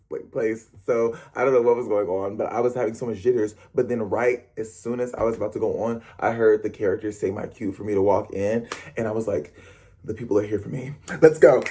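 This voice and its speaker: A young man who performs on stage, chatting to camera in an animated, rambling way with quick self-corrections. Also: medium pitch, husky. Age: young adult. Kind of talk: casual talk to camera.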